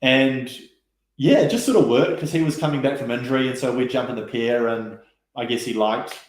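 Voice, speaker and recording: Guy chatting relaxed about racing stories, lots of "like" and "sort of", roomy sound. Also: mid-range voice, fairly quick. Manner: relaxed, chatty, many fillers and quoted asides. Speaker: guest rower. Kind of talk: casual interview storytelling. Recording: roomy echo.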